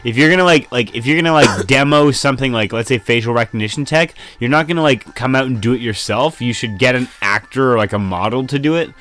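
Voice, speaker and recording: A man's voice: medium pitch, quick pace, few pauses, a bit bright. Rambling, swearing casual male host. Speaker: podcast co-host. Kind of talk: casual chat.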